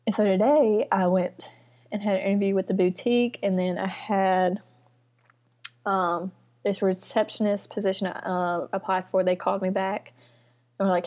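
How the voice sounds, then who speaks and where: A young woman hosting her first solo podcast from her apartment, chatting in a rambling, nervous and excited way with lots of fillers. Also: medium pitch, moderate pace. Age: young adult. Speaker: podcast host. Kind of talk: casual solo podcast chat. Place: student apartment. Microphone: computer mic.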